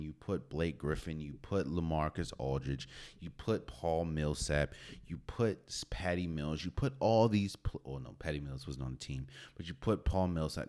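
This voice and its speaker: Deep-voiced animated man talking sports. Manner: animated, conversational, repeats and restarts phrases. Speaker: podcast host. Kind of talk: solo sports talk.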